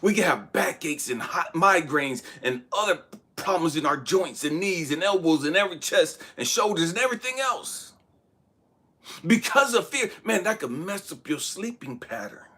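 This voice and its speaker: A man's voice: fairly high pitch, lively intonation, moderate pace, pushed and bright, slightly rough. A man in his thirties giving a spiritual motivational talk, preaching with bursts of emphasis that drop to near-whispers. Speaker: motivational speaker.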